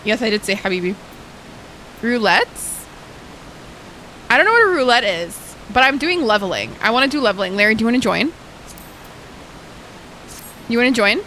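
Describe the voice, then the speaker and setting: A woman's voice: fairly high pitch, sing-song, normal speed, long pauses, sharp tone, a little hiss or hum, rough recording. A young woman streaming a game, chatting casually with viewers and ranting bluntly with lots of swearing. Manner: chats with viewers while playing.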